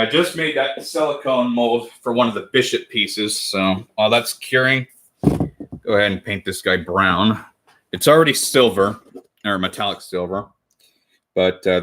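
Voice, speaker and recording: A young man in his twenties chats with his viewers while he works on crafts at home, often stopping to correct himself. His voice is bright and sits somewhat low, and a faint noise runs under the recording. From United States. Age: 20s. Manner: rambling, self-correcting, chatty with viewers. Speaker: cosplay livestreamer. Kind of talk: casual livestream chat while crafting.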